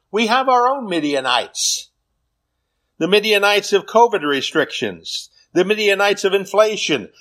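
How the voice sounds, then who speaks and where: A high-pitched American man delivering a sermon. He presses his points with emphatic, rising questions. When he reads scripture, his voice falls low and soft. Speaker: preacher.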